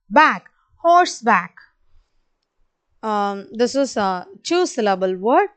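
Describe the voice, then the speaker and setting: A woman teaching children a spelling lesson in Indian English, slowly and patiently spelling out each word letter by letter and repeating it. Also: high-pitched, very animated, fairly bright tone. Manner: slow, spells words letter by letter and repeats them; kind, patient, addresses kids directly. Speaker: primary school teacher.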